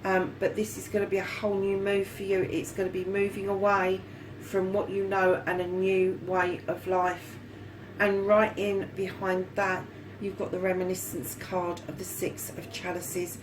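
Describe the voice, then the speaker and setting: A woman's voice: mid-range voice, monotone, moderate pace, noisy background. A woman giving a casual tarot reading, chatty and fond, calling her viewers darlings and lovelies and swearing now and then. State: hot and yawning. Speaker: tarot reader.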